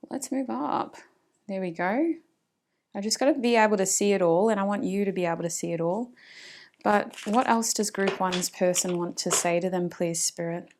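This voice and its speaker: A woman's voice: medium pitch, moderate pace, a little mellow. A woman with an Australian accent giving a casual tarot reading, chatting to spirit and to her viewers and often laughing. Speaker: tarot reader.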